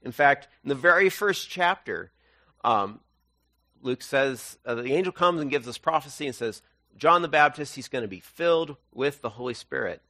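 A male pastor preaching, who reads scripture and then retells it as an animated story full of voices. His pitch swings widely as he talks. The sound is dry and close, with no room echo. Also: normal speed. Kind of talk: sermon.

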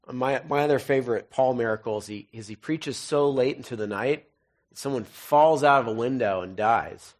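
Man preaching a casual, joking sermon. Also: mid-range voice. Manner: jokey, conversational asides between readings. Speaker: pastor. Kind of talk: casual, humorous sermon with scripture reading.

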